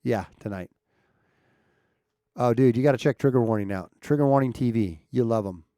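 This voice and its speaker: A man's voice: mid-range voice, moderate pace, warm tone, no room sound, clean studio sound. A man chatting casually with viewers on a live stream, checking his mic and asking the chat questions as he talks. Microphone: streaming mic at home setup.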